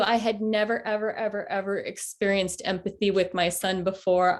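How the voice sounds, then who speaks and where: A woman in her forties, telling a personal story with halting, heartfelt pauses and fillers as a workshop presenter on a video call. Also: mid-range voice. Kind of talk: storytelling talk to an online group.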